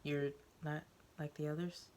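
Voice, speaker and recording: A woman voicing a quiet, detached girl patient who answers flatly and evasively. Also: deep voice, a little slow. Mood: cryptic. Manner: flat, hushed and evasive.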